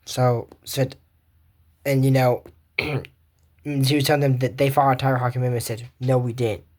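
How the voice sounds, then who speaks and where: A woman's voice: very deep voice, little pitch movement, a little slow, a little mellow. A woman giving a casual, rambling recap of a cartoon episode, with sarcastic asides.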